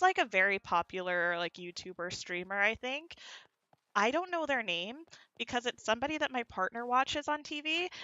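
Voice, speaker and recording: A woman's voice: mid-range voice, bright, forceful tone, no room sound, highs cut off. A woman streamer with a neutral American accent, chatting casually while playing a game and answering her chat, her sentences often rising at the end. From United States. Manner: rising inflection at sentence ends.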